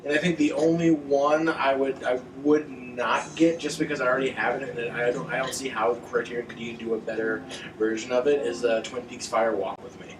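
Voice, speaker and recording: A man's voice: mid-range voice, fairly even intonation, fairly quick, background noise. A man co-hosting a casual film commentary, blunt, profane and joking. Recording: echoey room, distant mic, film music behind. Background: film soundtrack music.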